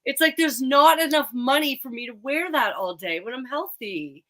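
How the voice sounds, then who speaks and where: A woman's voice: high-pitched, lively intonation, normal speed, a bit bright. A woman co-hosting a podcast, chatty and emphatic in casual conversation. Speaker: podcast co-host. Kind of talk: casual chat.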